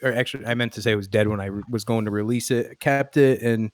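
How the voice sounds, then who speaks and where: A man's voice: lowish voice, fairly even intonation, fast talker, no room sound, clean studio sound. A man in a casual chat who tells stories bluntly, swears freely and gets worked up. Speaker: podcast host.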